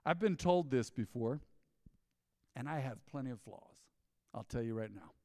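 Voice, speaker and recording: A man's voice: medium pitch, normal speed, no echo, studio quality, long reverb tail. A male pastor, preaching a conversational sermon and acting out the people in his stories. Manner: animated storytelling, mimicking people in quoted asides. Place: church.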